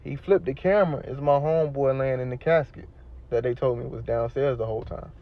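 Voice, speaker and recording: A man's voice: medium pitch, fairly even intonation, a little fast. Man telling a rambling street story. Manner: rambling, slangy, rises when retelling his pleas. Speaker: shooting survivor telling his story. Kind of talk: casual storytelling. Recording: dull lo-fi video clip.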